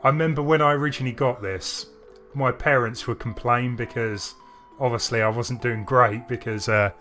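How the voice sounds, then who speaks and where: Faint music sits behind this man's mid-range, sharp-toned voice, which stays fairly even at a normal speed. As co-host of a game stream, he chats casually while playing, rambling with lots of restarts and laughter.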